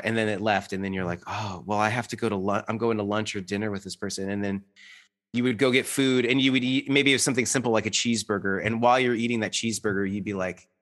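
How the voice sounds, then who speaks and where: A man's voice: lowish voice, fast, a bit bright. A man in his thirties talking in an earnest, rambling way, full of restarts and fillers, as a guest in a reflective conversation.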